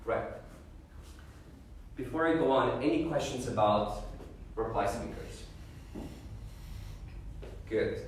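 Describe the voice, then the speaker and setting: A man giving a classroom lecture on debate judging, often checking in with "okay?" and "right?". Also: medium pitch. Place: lecture room. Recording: echoey room, voice far from the mic, faint background noise.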